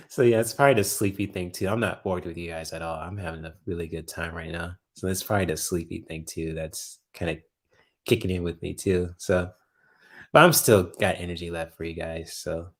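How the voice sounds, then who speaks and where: A man's voice: deep voice, moderate pace. A man hosting a late-night live stream, reading viewer comments aloud, laughing often and teasing playfully, a little sleepy. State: sleepy, yawning. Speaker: livestream host.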